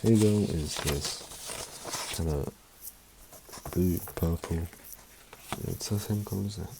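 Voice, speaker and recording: A man's voice: low-pitched, slow pace, vocal fry, background noise. A man vlogging in casual chat, rambling and emotional, swearing often.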